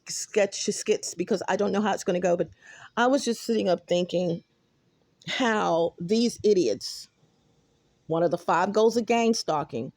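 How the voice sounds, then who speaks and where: A woman with a Texan accent rambling excitedly to her viewers in a casual phone vlog, often calling them y'all. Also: mid-range voice, no room sound. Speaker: vlogger. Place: apartment and stairwell, indoors. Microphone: phone camera held close.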